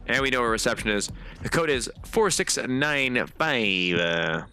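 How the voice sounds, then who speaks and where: Lively, bright-voiced man streaming a game. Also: mid-range voice, a little slow, smooth, soft background music. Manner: chatty, swears often, talks to chat viewers. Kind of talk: live gameplay commentary.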